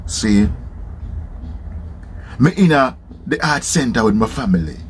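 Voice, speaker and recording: A man from Jamaica with a Jamaican accent, telling a travel story in a casual, animated way, dropping rhetorical tags in patois. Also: mid-range voice, a little slow, a little hiss or hum.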